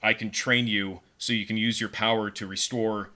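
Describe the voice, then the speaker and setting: Proud dark warrior dude, told by a guy, stumbly, low and bright. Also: level tone, normal speed. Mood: imperious. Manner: stumbling, offhand retelling. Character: young male dark warrior, proud and imperious.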